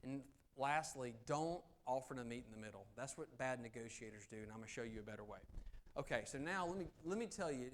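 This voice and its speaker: A man from the American South, giving an animated, conversational presentation as an attorney to a professional group. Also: mid-range voice, slight background noise. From Southern United States. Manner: animated, conversational, acts out quotes. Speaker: attorney giving a negotiation talk. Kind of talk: conference presentation. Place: meeting room.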